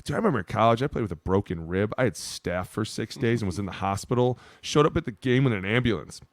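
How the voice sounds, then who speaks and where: Deep-voiced guy rattling off stories quick, loose and cursing a lot, dry close mic. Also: no echo. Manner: loose, profane, animated storyteller. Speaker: podcast co-host, former player. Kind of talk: casual storytelling chat.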